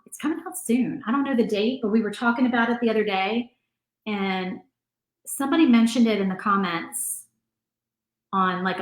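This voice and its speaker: A woman, chatting casually while she paints and reads viewer comments aloud on a craft livestream. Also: medium pitch. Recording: roomy echo.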